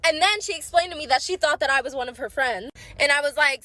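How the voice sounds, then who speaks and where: A young woman telling a story in a sassy, joking, animated way, sounding a little away from the mic. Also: high-pitched, fast talker, no room sound. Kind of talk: casual storytime monologue.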